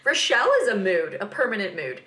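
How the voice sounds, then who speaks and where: Young woman rambling in a reaction vlog, bright clear voice, giggly. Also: medium pitch, very animated, fairly quick, faint music behind. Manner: chatty and giggly, lots of fillers and asides. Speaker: vlog host reacting to a TV episode. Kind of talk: casual reaction chat.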